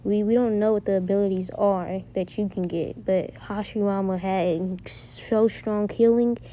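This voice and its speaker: Woman storyteller, improvised and rambling, mellow flat voice, faint noise under it. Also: medium pitch, measured pace. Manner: rambling, with frequent restarts. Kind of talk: improvised fan-fiction storytelling.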